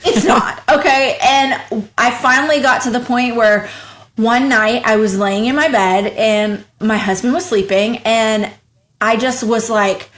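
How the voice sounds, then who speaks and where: A woman talking as a guest in a casual interview, frank and talkative, who acts out her own past thoughts in quoted voices and speaks in quick bursts. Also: on the high side, a bit bright. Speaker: podcast guest, small business owner.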